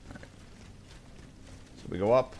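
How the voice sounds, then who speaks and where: A male gaming streamer talks casually over his own gameplay in a warm, slightly slow voice, with a little background noise. He chats with viewers, mutters to himself and swears when things go wrong.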